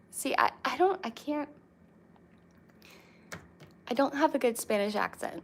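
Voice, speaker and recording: A young woman chatting casually with viewers, rambling with lots of fillers and pauses. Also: high voice. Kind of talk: casual chat.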